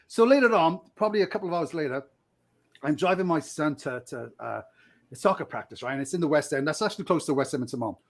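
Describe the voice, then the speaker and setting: A man's voice: fairly high pitch, animated, fast. A middle-aged man telling stories on a podcast, laughing often and acting out the voices of people he quotes. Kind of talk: casual storytelling.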